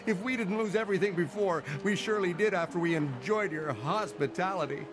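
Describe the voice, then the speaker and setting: A man's voice: sits high, brisk, over music, close to an everyday voice. A man voicing a bitter, scornful refugee. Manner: scornful, sarcastic. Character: bitter male refugee complaining.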